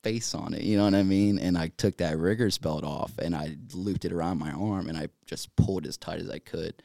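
A young man from North Carolina, a podcast guest, retelling events in a rapid, filler-heavy way with many restarts. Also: low-pitched, vocal fry, dark tone, dry recording. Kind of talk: casual storytelling in an interview.

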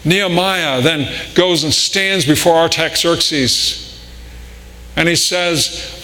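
Slow-preaching man in a reverberant hall. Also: on the high side, pushed and bright. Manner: slow, deliberate delivery with repeated words and restarts. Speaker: pastor. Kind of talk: sermon. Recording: long reverb in a large hall, faint room noise.

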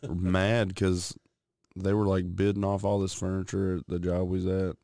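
A man's voice: sits low, flat delivery, moderate pace, vocal fry, warm tone, slight background noise. A man co-hosting a podcast in casual chat, rambling and swearing a lot. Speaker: podcast co-host.

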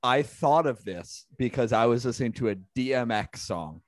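A relaxed man chats casually as a podcast guest. He drops in quick agreeing remarks. The recording is dry. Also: medium pitch, no echo. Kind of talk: casual chat.

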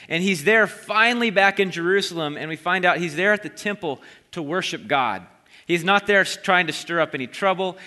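A man preaching a sermon, retelling a Bible story in a lively storytelling way and briefly acting out the voices of the crowd. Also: a little high. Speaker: pastor. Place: church sanctuary. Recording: long hall reverb.

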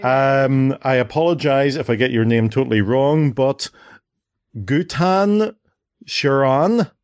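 A man's voice: mid-range voice, animated, slow pace, a little mellow. A man hosting a casual family podcast, rambling and stumbling over his words. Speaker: podcast host.

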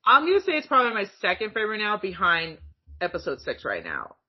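A woman chatting casually and excitedly about a cartoon series, laughing often and swearing freely. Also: mid-range voice, quick pace, breathy edge. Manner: giggly, animated, swearing freely. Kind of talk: casual fan chat. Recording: dull lo-fi sound.

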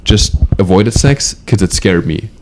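A man's voice: low voice, animated, measured pace, background noise. A young man hosting a podcast, joking crudely and rambling with restarts in casual chat. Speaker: podcast host.

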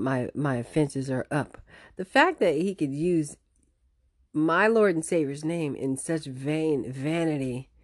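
A woman with a low voice gives casual vlog commentary. She speaks emphatically and keeps restarting her sentences. The recording is dry and close. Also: no room sound. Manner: emphatic, animated, with many restarts. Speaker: host.

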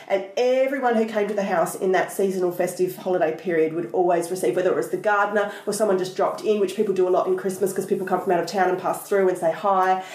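A woman's voice: mid-range voice, steady tone, fast talker, hardly any pauses, a little mellow. A woman co-hosting a podcast, chatting casually and telling rambling stories with plenty of fillers. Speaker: podcast co-host. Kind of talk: casual chat. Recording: roomy echo.

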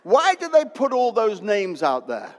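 Lively preacher in his sixties. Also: sits high, a little slow. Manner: lively, joking, loud bursts. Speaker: pastor. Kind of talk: sermon. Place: church hall. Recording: long hall reverb.

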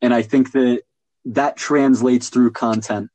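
A man's voice: mid-range voice, fairly even intonation, unhurried, darkish tone, dry recording, poor audio. A man hosting a casual podcast conversation, talking with enthusiasm and thinking aloud. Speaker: podcast host.

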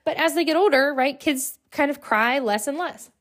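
A woman's voice: sits high, moderate pace, fairly bright tone. A young adult woman hosting her own podcast, talking casually and often tagging her sentences with "right?" and "like". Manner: chatty, lots of "right?" and "like" fillers. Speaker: podcast host. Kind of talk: casual solo podcast talk.

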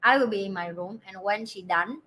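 Bright-voiced mom in casual chat. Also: female voice, medium pitch, a little fast. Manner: non-native English, simple grammar, animated retelling. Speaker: podcast co-host.

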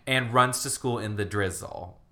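A man with a bright, forceful voice. He recaps a story in a lively, casual way, jumping into scenes and chatting along. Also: fairly low pitch, moderate pace. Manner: animated, lively retelling with laughs. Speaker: podcast co-host. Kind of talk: casual book recap chat.

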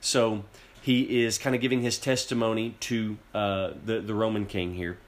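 A man's voice: on the low side, little pitch movement, normal speed. A man preaching a sermon, emphatic and earnest, often stumbling over repeated words as he builds his point. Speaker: pastor.

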